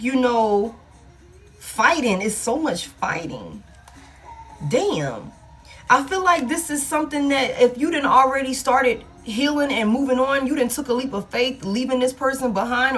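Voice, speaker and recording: A woman gives a collective love tarot reading in a blunt, profane, offhand way, thinking out loud as she goes. Her voice is fairly high and a bit bright.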